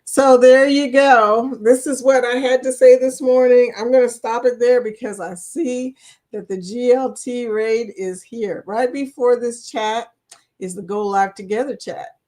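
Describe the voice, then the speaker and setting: A woman's voice: fairly high pitch, steady tone, measured pace, darkish tone. Woman, Kentucky accent, livestream host, casual chat, teasing, laughs a lot. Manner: chatty, laughs often, teasing. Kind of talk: casual chat greeting viewers.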